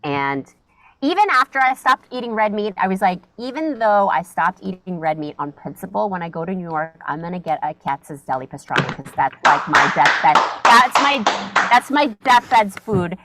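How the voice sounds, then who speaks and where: A woman comedian, telling a profane, animated story in a casual podcast chat and acting out her own reactions. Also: fairly low pitch, normal speed, a little hiss or hum, poor audio. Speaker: guest comedian.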